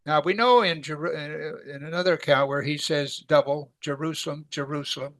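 A man's voice: a little high, moderate pace, a bit bright, no echo. A man teaching a weekly Bible study in a conversational way, asking his class rhetorical questions.

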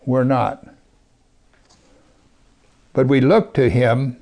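An older man preaching in earnest, reading scripture and pressing his points home to the congregation. His voice is gravelly, sits at an ordinary pitch, and sometimes falls to a hush. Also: animated, measured pace, pauses often. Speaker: pastor. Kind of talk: sermon.

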